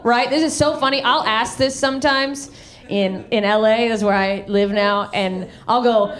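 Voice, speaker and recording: A woman performing a high-energy stand-up comedy set on stage, acting out voices and shouting her punchlines. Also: steady tone, normal speed. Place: comedy stage in front of a live audience. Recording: live stage recording with crowd. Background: audience laughter.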